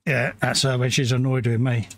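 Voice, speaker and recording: A man's voice: mid-range voice, level tone, normal speed, gravelly, no echo. A man from the UK co-hosting a casual live stream, joking and mocking himself. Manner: jokey, self-mocking, acts out quoted voices. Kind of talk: casual chat.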